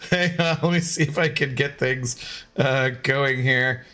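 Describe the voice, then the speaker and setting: A man's voice: mid-range voice, unhurried, bright, forceful tone. A man chatting casually on a live game stream, scattered and talkative as he sorts out technical issues. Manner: chatty and scattered, baby-talking to his dog.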